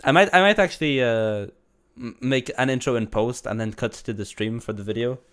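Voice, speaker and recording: A man's voice: medium pitch, a little fast, a bit bright, smooth. Congested, rambling streamer guy. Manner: rambling, many restarts and laughs. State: a bit congested from a cold. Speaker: streamer reacting to videos. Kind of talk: casual live-stream commentary.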